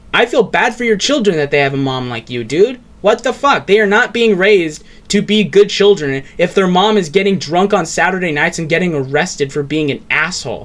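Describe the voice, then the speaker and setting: A man's voice: a little high, fairly bright tone. A young man giving casual reaction commentary, ranting in exasperation and mocking what he watches.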